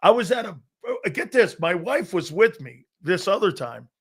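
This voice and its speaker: Male sports talk host in his fifties, brash and boastful, fairly high-pitched, restarts often and acts out quotes. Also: sing-song, moderate pace, slightly rough. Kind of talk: casual sports talk storytelling.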